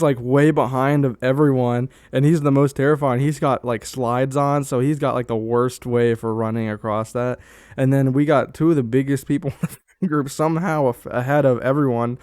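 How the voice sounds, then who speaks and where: A man's voice: mid-range voice, darkish tone, clear, resonant tone, dry recording. A young man casually telling a story to the camera in a rambling way, with many fillers and restarts. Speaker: vlogger.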